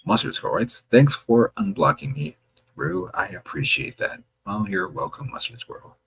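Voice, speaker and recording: A man hosting a livestream, reading viewer comments aloud with a chatty, wry manner and a gravelly voice. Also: medium pitch, sing-song, normal speed, a bit bright, rough recording. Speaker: livestream host reading chat. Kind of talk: casual livestream chat.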